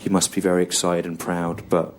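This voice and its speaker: A man in his thirties with an English accent, telling a long story on stage in a slow, halting deadpan style full of pauses and repetition. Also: low voice, noisy background. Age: 30s. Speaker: stand-up comedian. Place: comedy venue on stage with audience laughter.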